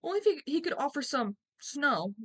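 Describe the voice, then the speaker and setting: A young woman reads a story aloud in a relaxed streaming session. She often stops to ramble and giggle through side comments. Her delivery is loose, casual and conversational. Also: high voice, fairly quick. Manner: chatty, giggly, rambling asides. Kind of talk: casual reading aloud with asides.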